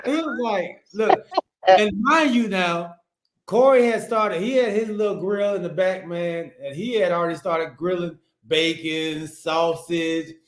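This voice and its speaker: A man's voice: high-pitched, a little slow. A man co-hosting a live show, telling a story in a laid-back, chuckling way and greeting viewers. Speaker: podcast co-host. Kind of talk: casual storytelling chat.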